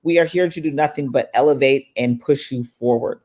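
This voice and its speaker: Animated, affectionate woman hosting a live summit. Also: very deep voice, brisk. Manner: animated, affectionate, motivational, calls listeners "baby" and "y'all". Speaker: summit host. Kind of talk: casual live-stream chat.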